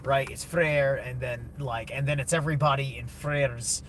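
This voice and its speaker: A man's voice: mid-range voice, fairly even intonation, normal speed, a bit bright, a little hiss or hum. A man streaming a blunt, casual, opinionated monologue, swearing heavily and answering chat.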